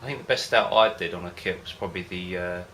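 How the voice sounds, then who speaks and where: A man's voice: deep voice, fast, bright, forceful tone, a little hiss or hum. A man vlogging about home brewing in a casual, rambling way, often hesitating and losing his thread. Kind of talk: casual rambling chat to camera.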